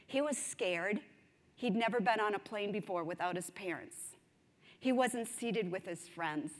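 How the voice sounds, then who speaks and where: A woman giving a conference speech, telling a story in an animated, self-mocking way. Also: medium pitch, measured pace. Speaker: conference speaker. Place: large conference hall. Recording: long hall reverb.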